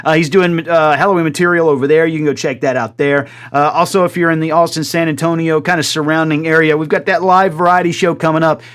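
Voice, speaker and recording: Animated, higher-voiced man reacting to music. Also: fast talker, hardly any pauses. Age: 40s. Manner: animated, excitable, casually swearing. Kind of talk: casual reaction commentary.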